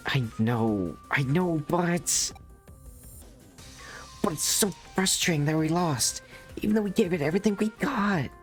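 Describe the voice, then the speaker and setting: A man's voice: a little high, animated, measured pace, long pauses, soft background music, voice pushed up. A man voicing a frustrated young woman fighter in a game, sounding upset and whiny.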